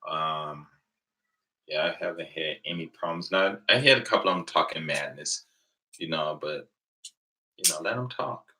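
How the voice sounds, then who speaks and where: A man's voice: a bass voice, normal speed, pauses often, pushed and bright, low-quality recording. A man from the United States hosting a casual channel, chatting with viewers and telling stories, acting out the exchanges he quotes. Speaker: channel host.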